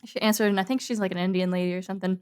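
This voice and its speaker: A woman's voice: medium pitch, steady tone, very fast, darkish tone, smooth. Chatty young woman podcast co-host. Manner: chatty, rambling, full of "like" and "um". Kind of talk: casual chat.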